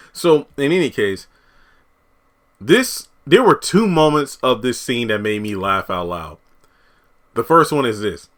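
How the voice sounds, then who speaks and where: A man giving a casual, animated review of a TV episode, often laughing and acting out the characters' lines. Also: medium pitch, unhurried, long pauses. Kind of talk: casual spoken commentary.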